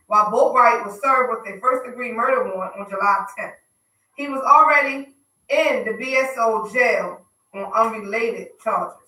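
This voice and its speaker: A woman's voice: on the high side, sharp tone. A woman hosting a casual hip hop news radio show, reading headlines with slangy, joking asides. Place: radio studio. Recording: roomy studio, mic at a distance.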